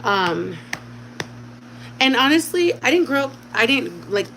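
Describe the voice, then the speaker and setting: A woman's voice: fairly high pitch, very animated, unhurried, a bit bright, a little hiss or hum, rough recording. A woman in her thirties, a mother talking casually at home to her channel's viewers, chatty and direct with them. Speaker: vlogger. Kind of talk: casual chat to camera.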